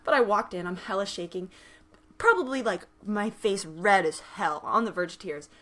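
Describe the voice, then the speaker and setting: A woman's voice: medium pitch, moderate pace. A young woman hosting a podcast, telling stories in casual chat and acting out the people she quotes. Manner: animated storytelling, acts out quoted voices, laughs often. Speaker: podcast host.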